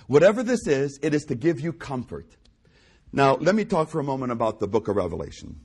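A man delivers a sermon with a husky, slightly raised voice. His pitch swings animatedly as he hammers home repeated phrases and reads out scripture. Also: big pitch swings, fairly quick. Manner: emphatic, repeats key phrases, quotes scripture. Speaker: pastor.

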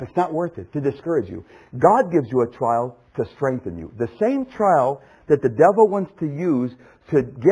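A man preaching a sermon, swinging from loud exclamations to hushed, low passages. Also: breathy edge, low-quality recording.

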